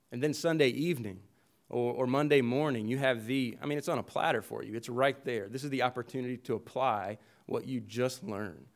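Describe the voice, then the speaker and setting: A pastor preaching an earnest expository sermon, building his points through emphatic repetition, with frequent restarts. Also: mid-range voice.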